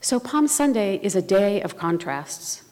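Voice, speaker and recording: A woman preaching a sermon in a measured, reflective way. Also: mid-range voice, very animated, a little mellow. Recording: long reverb of a large hall.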